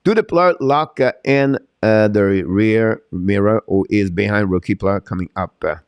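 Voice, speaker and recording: A man's voice: on the low side, unhurried, smooth, no echo, studio quality. A man, a hockey coach hosting a live stream, talking in a fired-up, repetitive motivational way and reading viewer comments.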